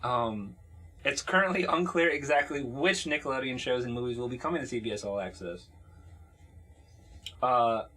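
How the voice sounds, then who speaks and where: A man's voice: medium pitch, moderate pace, pauses often, pushed and bright. A man hosting a casual podcast, rambling loosely with fillers and swearing as he reads out news. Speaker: podcast host.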